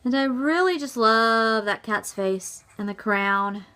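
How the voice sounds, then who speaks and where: Middle-aged woman, home vlogger, bright voice, chatty and meandering, corrects herself as she goes. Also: fairly high pitch, takes it slowly, smooth. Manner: chatty, rambling, self-correcting. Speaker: cross-stitch vlogger. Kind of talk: casual chat.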